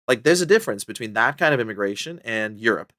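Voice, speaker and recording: A man's voice: fast, dry recording, studio quality. A man being interviewed about his book, talking casually and animatedly with lots of fillers. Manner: animated, chatty, full of fillers and pitch jumps. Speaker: podcast guest, book author.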